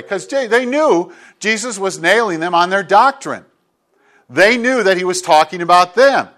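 A man's voice: high-pitched, animated, measured pace, a bit bright. A man preaching a sermon as a pastor, talking conversationally and acting out little bits of dialogue.

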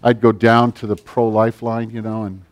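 A man's voice: fairly low pitch, little pitch movement, moderate pace. Emphatic man preaching a sermon. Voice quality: big build, speaks plainly. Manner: emphatic preaching that swings from loud to hushed. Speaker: pastor. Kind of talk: sermon with closing prayer.

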